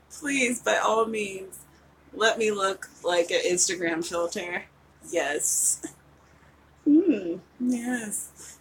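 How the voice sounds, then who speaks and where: A woman's voice: mid-range voice, animated, drawn-out words, long pauses, breathy edge, low-quality recording. A woman in her forties from West Virginia, an author chatting casually with viewers during a live writing session, giggly and rambling. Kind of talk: casual livestream chat.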